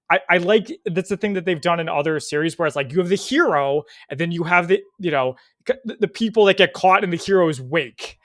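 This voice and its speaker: A man co-hosting a podcast in casual chat, thinking aloud with lots of "like" fillers and an animated manner. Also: sits high. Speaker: podcast co-host.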